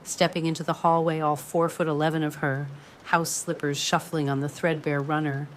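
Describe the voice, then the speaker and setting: A woman reading a dramatic story in a measured, ornate storytelling manner. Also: deep voice, a little hiss or hum. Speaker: narrator. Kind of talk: scripted drama narration.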